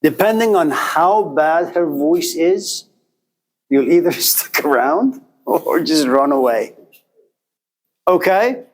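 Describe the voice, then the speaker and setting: A man's voice: a little high, lively intonation, takes it slowly, pauses often, low-quality recording. A man giving a classroom lecture, asking rhetorical questions and answering them himself, with an occasional chuckle.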